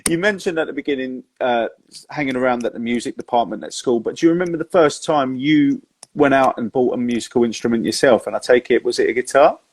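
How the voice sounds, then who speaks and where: A man's voice: medium pitch, fast talker, dry recording. A man hosting a casual chat, matey and informal in his manner. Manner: matey, informal, says mate a lot. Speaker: host.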